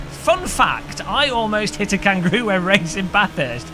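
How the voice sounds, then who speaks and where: Lively excitable man streaming a race. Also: high-pitched, normal speed, over music. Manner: excitable, jokey banter with chat. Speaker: live streamer. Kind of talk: live sim racing commentary. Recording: game engine noise behind voice.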